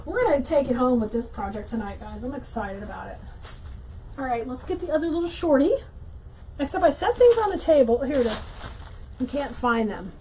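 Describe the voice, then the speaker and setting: A woman hosting a casual crafting livestream, chatting warmly to viewers and greeting them by name as she works. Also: high voice, expressive, brisk, slight background noise, low-quality recording. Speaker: livestream host teaching wreath making.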